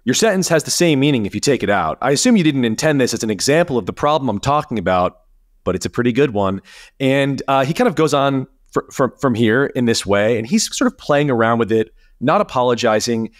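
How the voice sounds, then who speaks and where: A man co-hosting a podcast in casual chat, talking animatedly and swearing, his pitch jumping up when he gets indignant. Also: lively intonation, fairly quick, dry recording, clean studio sound. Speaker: podcast co-host.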